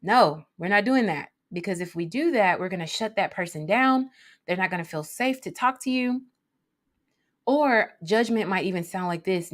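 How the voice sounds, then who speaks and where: A woman giving an instructional talk on mental health support, often pausing to check in with listeners. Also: mid-range voice, animated. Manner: checks in often with "okay?", acts out example phrases.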